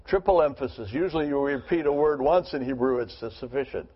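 A man's voice: mid-range voice, fairly quick, breathy edge, muffled recording. A man leading a Bible study group, reading scripture aloud and then talking it over earnestly with rhetorical questions.

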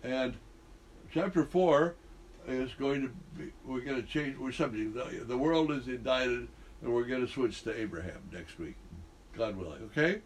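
A man's voice: mid-range voice, lively intonation, moderate pace, slight background noise. A man leading a group Bible study, talking conversationally and quizzing the group with questions.

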